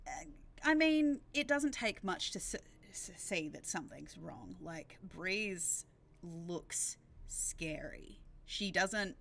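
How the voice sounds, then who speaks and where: A woman running a tabletop game as game master, narrating scenes in a slow, measured way. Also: lowish voice, expressive, creaky, fairly bright tone. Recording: music bed under the talk.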